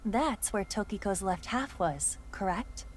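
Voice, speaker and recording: An actress voicing a calm, analytical female AI in a video game, speaking in a matter-of-fact way. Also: mid-range voice, a little slow, a little hiss or hum, close to an everyday voice.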